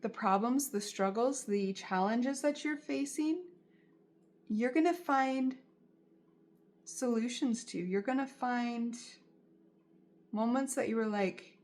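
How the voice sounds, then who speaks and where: A woman's voice: fairly high pitch, slow, pauses often, darkish tone. A woman giving a tarot reading straight to her viewers, in a soothing, reassuring way and often repeating her phrases. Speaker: tarot reader.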